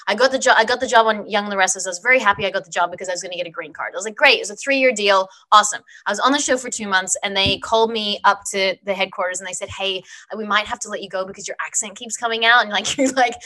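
A middle-aged woman from Australia with an American accent that still carries faint Australian traces, co-hosting a casual podcast and telling stories quickly. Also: mid-range voice, sharp tone, poor audio. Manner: chatty storyteller, quick asides. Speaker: podcast co-host.

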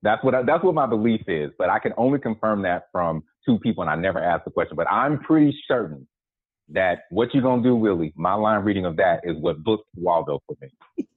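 A man's voice: low voice, lively intonation, fairly quick, husky. A man in his forties, a guest calling in, telling stories in a laid-back, joking way and laughing as he goes. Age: 40s. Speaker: guest, actor. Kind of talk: casual storytelling chat. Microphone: phone call. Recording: tinny dry phone line.

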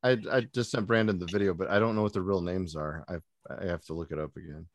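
A man hosting a podcast, chatting casually with excited reactions. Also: low-pitched, fast talker, no echo. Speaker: podcast host. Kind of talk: casual chat.

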